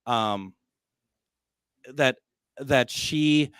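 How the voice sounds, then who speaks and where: A man's voice: medium pitch, very slow, a bit bright, clear, resonant tone, dry recording. A man hosting a live paranormal radio talk show, telling stories animatedly and acting out his own quotes with plenty of fillers.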